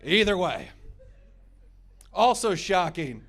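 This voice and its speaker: A man's voice: sits high, big pitch swings, takes it slowly, a bit bright. A man in his thirties doing a stand-up comedy set, with crude, sarcastic crowd work. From United States. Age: 30s.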